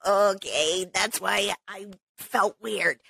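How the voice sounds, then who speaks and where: A woman's voice: mid-range voice, slow pace, creaky, pushed and bright, slightly rough, dry recording. A woman co-hosting a podcast, telling a story in casual chat and laughing often. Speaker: podcast co-host.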